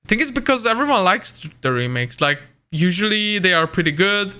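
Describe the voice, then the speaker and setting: Rather high, bright and crisp, a young man talks games in loose, eager, filler-heavy chat. He rambles from one point to the next with easy enthusiasm, co-hosting a relaxed podcast. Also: brisk. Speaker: podcast co-host. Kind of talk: casual gaming chat.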